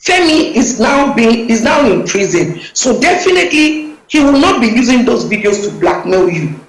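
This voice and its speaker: A woman's voice: fairly high pitch, sing-song, normal speed, echoey room, rough recording. A woman, a talk show guest speaking emphatically and urgently over a video call.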